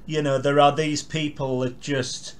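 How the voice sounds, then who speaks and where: A man's voice: fairly high pitch, level tone, a little slow. Man hosting a chatty interview. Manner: chatty, brief agreeing interjections. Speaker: podcast host, interviewer. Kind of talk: casual interview.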